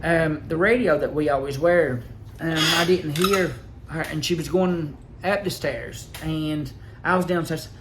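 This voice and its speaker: A man's voice: on the high side, background noise. Aggrieved man telling a rambling story. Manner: rambling, aggrieved, halting with fillers. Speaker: vlogger. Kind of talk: casual personal storytelling.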